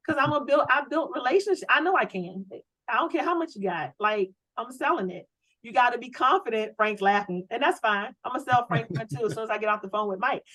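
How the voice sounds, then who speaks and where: A woman running a sales training on a video call, coaching with lively, preachy energy and lots of rhetorical questions. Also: on the high side, no echo, poor audio. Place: home office.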